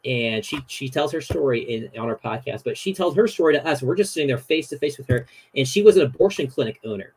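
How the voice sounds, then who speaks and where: A man who is a podcast guest tells stories in a casual, animated way, using many "you know" fillers. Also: mid-range voice, fast, few pauses, slight background noise, poor audio. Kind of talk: casual storytelling chat.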